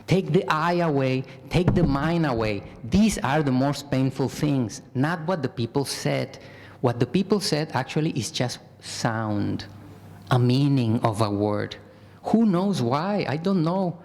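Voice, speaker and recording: Monk giving a talk in an echoing hall. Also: male voice, fairly high pitch. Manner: engaging, asks the audience questions, acts out example phrases; warm address, repeatedly says "my dear family". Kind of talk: dharma talk to a live audience. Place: large temple hall. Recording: long hall reverb.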